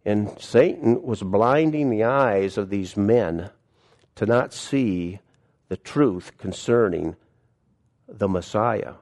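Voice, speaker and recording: A male pastor with a lowish voice delivers a sermon at an unhurried pace. He reads a passage aloud, then expounds on it earnestly, leaning on rhetorical questions to draw in his listeners. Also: darkish tone. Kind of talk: sermon with scripture reading.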